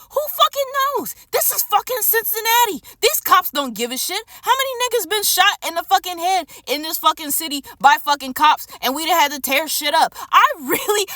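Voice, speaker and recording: High, pushed and bright, a woman's voice comes through with studio quality and no room sound. She's a streamer and vlogger launching into an unscripted, furious rant to camera, swearing heavily and emphatically repeating phrases to drive her points home.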